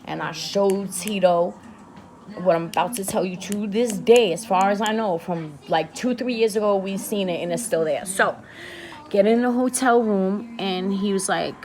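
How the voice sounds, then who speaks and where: A woman's voice: medium pitch, moderate pace, darkish tone. A woman, speaking straight to her viewers in a casual, confessional storytelling vlog, emphatic and repeating herself for weight. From the Bronx, New York. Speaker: vlogger.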